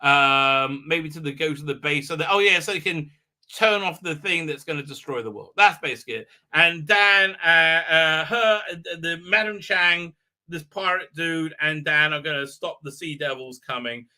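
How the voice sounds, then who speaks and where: A man's voice: fairly high pitch, normal speed, bright, forceful tone. A man hosting a live episode recap, rambling and sarcastic with many filler sounds. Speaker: host reviewing a TV episode.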